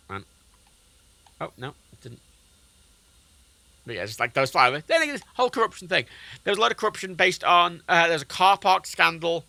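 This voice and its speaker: A man's voice: a little high, bright, forceful tone, no echo. A man livestreaming a flight game, ranting sarcastically about local politics with lots of swearing. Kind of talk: casual gaming-stream rant.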